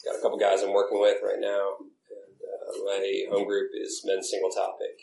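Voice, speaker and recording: A man opening his share at a recovery meeting, halting and full of fillers. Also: deep voice, monotone, gravelly, mellow, slight background noise. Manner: halting, filler-heavy start. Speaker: AA meeting speaker. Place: meeting room. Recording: echoey room, mic far off.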